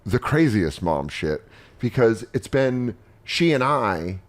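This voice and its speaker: A man hosting a podcast, telling comedic stories in casual chat and jumping into loud impressions of other people. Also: on the low side, sing-song, takes it slowly. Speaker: podcast host.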